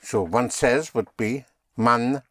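Slow, patient male German teacher. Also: mid-range voice, dry recording, studio quality. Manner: patient, spells out words and repeats them. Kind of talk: slow language lesson.

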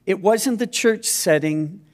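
Missionary guy in his 50s from minnesota, bit higher voice, earnest storytelling, pokes fun at himself. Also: slow. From Minnesota, USA. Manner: earnest storytelling, self-deprecating. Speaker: missionary speaker. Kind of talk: personal testimony talk.

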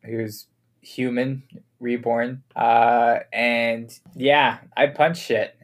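A man's voice: medium pitch, flat delivery, drawn-out words. A man playing a tabletop role-play game, casual and joking, with some swearing. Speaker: player.

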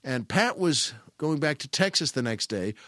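A man's voice: mid-range voice, big pitch swings, moderate pace, a bit bright, no echo, clean studio sound. A middle-aged man telling a funny family story in casual monologue, self-mocking and full of restarts. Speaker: podcast host.

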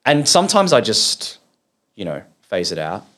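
A man with an Australian accent, a guest in a casual conversation, talking hesitantly and repeating words. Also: moderate pace. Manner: hesitant, repeats words, lively rises in pitch.

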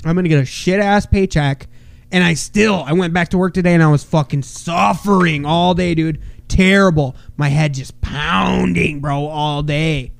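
High-voiced young man, hoarse and swearing. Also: normal speed, no echo. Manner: loud, swearing, excitable. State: hoarse from tooth infection. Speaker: podcast co-host. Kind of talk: casual profane chat.

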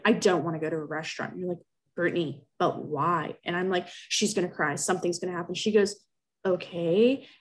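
A young woman telling a personal story in casual conversation, acting out the remembered exchanges in her own voice. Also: on the low side. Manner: animated, acts out remembered exchanges. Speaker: guest sharing a personal story.

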